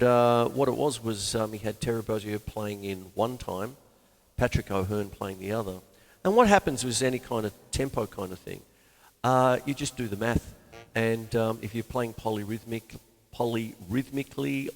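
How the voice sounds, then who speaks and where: Rambling drum teacher, roomy. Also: male voice, lowish voice. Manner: rambling, explains sticking patterns aloud. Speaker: drum teacher and show host. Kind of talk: live-streamed drum lesson. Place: room with a drum kit. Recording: long reverb, faint music behind.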